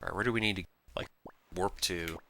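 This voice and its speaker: A man's voice: sits low, brisk, noisy background. A man hosting a let's play, rambling through chatty, goofy, self-mocking commentary as he plays. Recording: game music playing behind.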